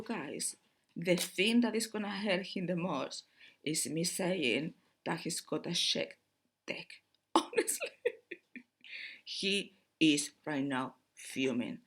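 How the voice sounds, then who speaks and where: A woman's voice: lowish voice, slow pace, pauses often, a bit bright. A middle-aged woman talking casually to camera as a vlogger, chatty, laughing often and restarting her sentences.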